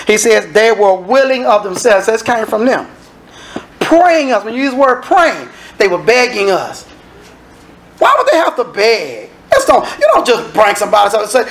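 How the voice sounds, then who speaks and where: A man preaching a sermon as minister, acting out dialogue and sometimes shouting. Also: very high voice, sing-song, normal speed.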